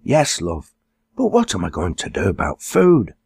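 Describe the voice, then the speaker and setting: A bossy but motherly farm wife, voiced by a man, speaking practically and briskly. The reading is close, with a dry sound. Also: deep voice, wildly swooping pitch, gravelly, a little mellow, husky, no room sound, exaggerated voice.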